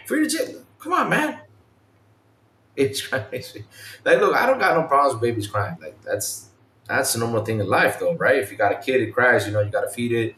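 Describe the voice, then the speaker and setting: A man hosting a casual gaming podcast, animated, imitating game sounds and swearing casually. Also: medium pitch, moderate pace, roomy sound. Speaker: podcast host.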